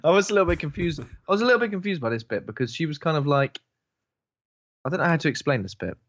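A man's voice: a little high, animated, quick pace, a bit bright, highs cut off. A man in casual film podcast chat, joking and slipping into silly voices. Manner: joking, does silly voices mid-story. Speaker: podcast co-host.

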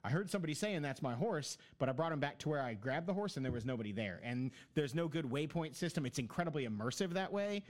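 A man's voice: a little high, expressive, fast, hardly any pauses. A man in casual chat, telling long rambling stories about a video game with many fillers.

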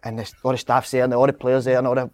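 A man's voice: medium pitch, flat delivery, very fast, dry recording. A man, a former footballer telling stories in a casual chat, laughing along as he goes. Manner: laughs through his own stories, sweary.

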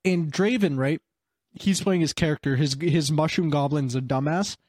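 Excitable young man retelling a game. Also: a little high, moderate pace, dry recording, clean studio sound. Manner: excitable, rambling, acts out quotes. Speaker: game master. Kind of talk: casual chat, retelling a game session.

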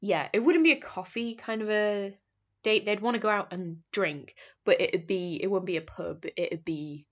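A woman's voice: fairly low pitch, husky. Woman, voice actor, casual interview, playful, chatty, muffled lo-fi sound. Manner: chatty, laughs often, playful. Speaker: audio drama voice actor. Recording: dull lo-fi recording.

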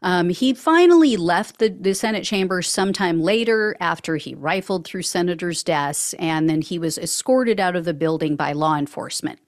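A woman's voice: lowish voice, lively intonation, moderate pace, hardly any pauses, dry recording, studio quality. A woman hosting a news podcast, recapping court cases in a conversational way with sarcastic asides. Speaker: podcast host. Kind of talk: news commentary reading quotes.

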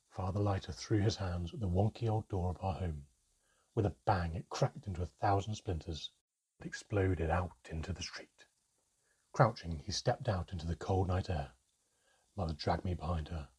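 Husky, low-voiced man narrating a storybook. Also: mellow. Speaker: audiobook narrator. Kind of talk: first-person storybook narration.

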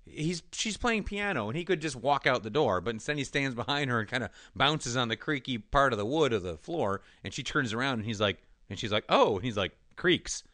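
A man in casual chat, animatedly retelling a movie plot with lots of laughter and deadpan quoted lines. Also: medium pitch, brisk, hardly any pauses, no room sound.

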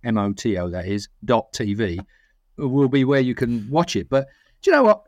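A man's voice: medium pitch, animated, moderate pace, no room sound, clean studio sound. A middle-aged British man co-hosting a podcast, telling rambling stories and giving strong opinions. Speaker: podcast co-host. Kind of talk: casual chat.

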